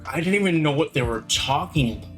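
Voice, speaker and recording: A man co-hosting a casual gaming podcast, talking in a rambling, slangy way with frequent swearing. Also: a little high. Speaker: podcast co-host. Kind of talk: casual chat.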